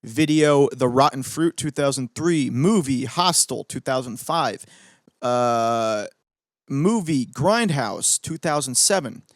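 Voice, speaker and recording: Excitable young man ranting slowly. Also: medium pitch, no echo, clean studio sound. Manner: excitable, swearing, gloating. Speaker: podcast host. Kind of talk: casual ranting commentary.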